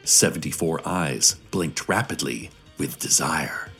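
A man delivering scripted radio news narration in a calm, deadpan manner. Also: extremely low pitch, a little slow, gravelly, husky, soft background music.

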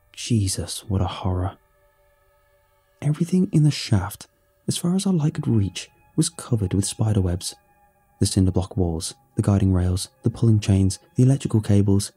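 Dark, husky-voiced male narrator. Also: low voice. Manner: tense, hard-boiled storytelling. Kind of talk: first-person audiobook narration.

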